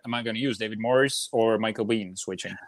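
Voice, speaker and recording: A man co-hosting a casual movie chat in a relaxed, joking way. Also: lowish voice, fast talker, no room sound, clean studio sound. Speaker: co-host of a movie podcast.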